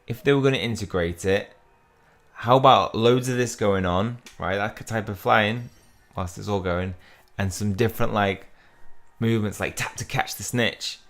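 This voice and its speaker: A young man with a very low voice and a gravelly, creaky edge talks through a mobile game. He is chatty and rambling, reading the in-game text aloud and musing to his viewers between taps. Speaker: mobile game let's-play host. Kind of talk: casual gaming commentary.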